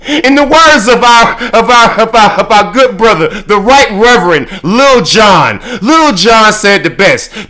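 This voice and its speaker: A man hosting reaction commentary, mocking and animated, with stammering repetitions. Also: sits high, unhurried, hardly any pauses. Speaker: host.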